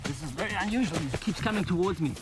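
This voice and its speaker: A man hosting a wildlife documentary, giving excitable on-location field commentary outdoors, exclaiming and talking to the animal in front of him. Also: a little high, quick pace, over music. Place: outdoors in the wild.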